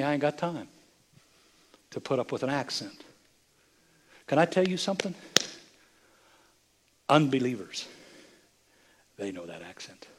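During his sermon, an older man serving as bishop speaks in a breathy, husky voice of middle pitch. His phrases fall to a hush and then swell into loud, emphatic statements.

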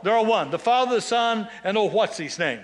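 A male pastor preaching a sermon, reading scripture slowly, leading call-and-response and dropping in joking conversational asides. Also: high voice, lively intonation.

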